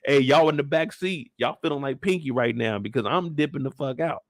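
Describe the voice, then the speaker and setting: A young man giving a casual, profane, joking recap of a TV episode, lively and quick to burst into loud shouts. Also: medium pitch, dry recording, clean studio sound. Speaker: show recap reviewer. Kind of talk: casual live recap commentary.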